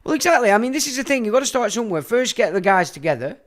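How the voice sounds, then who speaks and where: A middle-aged man delivers a rambling livestream monologue. His talk is blunt and full of swearing, and his pitch swings widely as he rants. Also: big pitch swings, very fast. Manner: blunt, profane, ranting. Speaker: livestream host.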